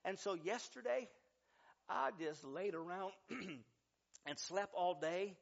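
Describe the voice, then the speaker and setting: A man's voice: sits high, takes it slowly, gravelly, lo-fi sound. A middle-aged male pastor preaching a sermon, emphatic and repetitive, a little stuffy from sinus trouble. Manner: preachy, emphatic, repeats key lines.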